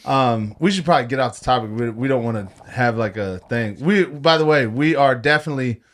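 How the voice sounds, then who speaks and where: A young man hosting a podcast, telling a story in casual chat, animated and profane, laughing often and acting out quotes. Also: medium pitch, a little fast. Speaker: podcast host.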